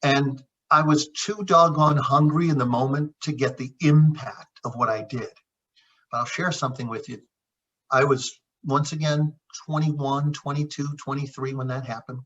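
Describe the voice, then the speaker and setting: A man's voice: medium pitch, steady tone, normal speed, fairly bright tone, a little hiss or hum. A middle-aged man, a chiropractor guest, telling a story in conversation and acting out the dialogue with frequent repeats. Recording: dull lo-fi audio.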